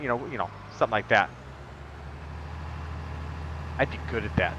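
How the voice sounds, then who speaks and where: A man's voice: mid-range voice, normal speed, long pauses, pushed and bright, highs cut off, slight background noise. A man streaming a farming game, chatting casually in a rambling, jokey way with lots of fillers. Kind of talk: casual gameplay chat.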